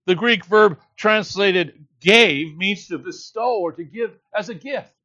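A man preaching a sermon, earnest and measured, teaching a scripture passage with emphatic quotes. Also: high-pitched, pushed and bright, dry recording, muffled recording.

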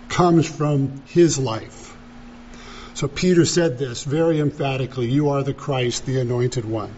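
Slow, emphatic male preacher. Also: fairly high pitch, warm tone, muffled recording, a little hiss or hum. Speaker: pastor. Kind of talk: sermon.

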